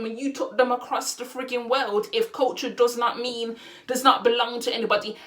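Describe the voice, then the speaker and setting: A woman's voice: high voice, fairly bright tone. A young adult woman talking straight to camera on her vlog, emphatic and indignant, repeating her questions for effect. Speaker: vlogger. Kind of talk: opinion vlog rant.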